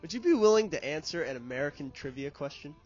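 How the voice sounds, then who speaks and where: A man's voice: a little high, animated, fast talker, highs cut off, loud music behind the voice. Young man with dry self-mocking humor. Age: young adult. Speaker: student host. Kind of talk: joking campus street quiz. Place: outdoors on a college campus.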